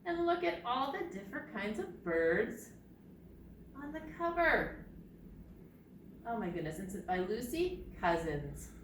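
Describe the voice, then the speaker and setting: A young woman, a children's librarian, runs a preschool storytime at the library, her voice a little high and sing-song at a slow pace with long pauses. She invites the kids to join in, leading them in bird sounds and movements. The room is echoey, the mic distant, with faint ambience and slight background noise.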